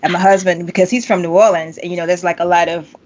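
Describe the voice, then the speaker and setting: A woman in her forties hosting a podcast, playful and animated with quick asides. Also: fairly low pitch. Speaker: podcast host and singer. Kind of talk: casual interview chat. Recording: dull lo-fi audio.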